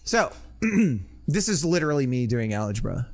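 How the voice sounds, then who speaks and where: A man's voice: mid-range voice, big pitch swings, normal speed. A man streaming his game coding, muttering to himself and joking about himself as he works. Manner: muttering to himself, self-deprecating. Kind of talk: casual livestream while coding a game.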